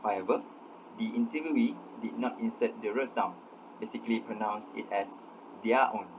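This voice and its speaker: A man's voice: fairly low pitch, fairly quick, noisy background. A young man, a student, reading a scripted class presentation and explaining examples step by step in a methodical way. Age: young adult.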